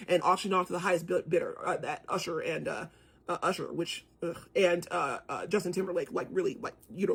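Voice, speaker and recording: Husky woman giving an impassioned monologue. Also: mid-range voice. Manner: impassioned, repeats phrases for emphasis. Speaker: cultural commentator. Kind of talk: earnest monologue to camera.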